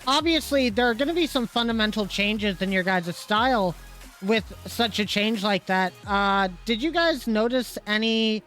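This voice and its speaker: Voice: mid-range voice, moderate pace, soft background music. Podcast host asking questions. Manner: relaxed questioning with fillers. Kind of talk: casual podcast chat.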